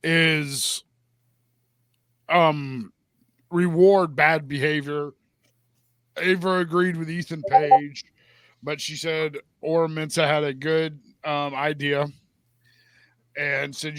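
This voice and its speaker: A man's voice: fairly high pitch, fairly even intonation, takes it slowly, long pauses, fairly bright tone, smooth, dry recording. A man co-hosting a wrestling podcast, recapping the action in a loose, casual way with some swearing. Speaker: podcast co-host. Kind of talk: casual chat.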